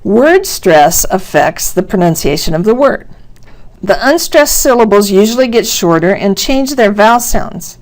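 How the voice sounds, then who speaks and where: A woman teaching pronunciation at an unhurried, measured pace. Her voice sits at a mid pitch, and she stretches out example words to show how they sound. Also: lively intonation. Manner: slow, deliberate, exaggerating sounds for demonstration. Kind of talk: instructional narration.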